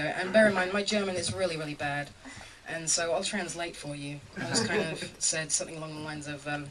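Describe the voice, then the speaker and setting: A woman in her thirties does a live stand-up comedy set on a small club stage, chatty and self-mocking, dropping plenty of ums. Her voice is low-pitched at a normal speed, and the club is noisy with a loud crowd.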